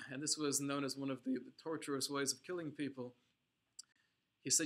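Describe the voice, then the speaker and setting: A man's voice: medium pitch, fairly even intonation, normal speed, pauses often, fairly bright tone. A man teaching a religious class, telling a story dramatically and with emphasis, using Hebrew and Yiddish terms. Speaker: Torah teacher.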